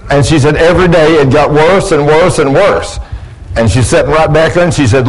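A man's voice: on the high side, a little fast, poor audio. Folksy preacher man. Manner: folksy preaching, acting out church members' quotes. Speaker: pastor. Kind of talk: sermon.

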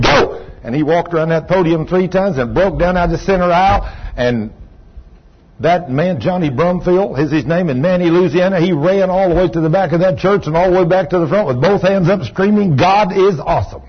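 A man's voice: sits high, fairly quick, slightly rough. A man preaching a sermon in a fervent, folksy storytelling way. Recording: dull lo-fi recording. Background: congregation saying amen.

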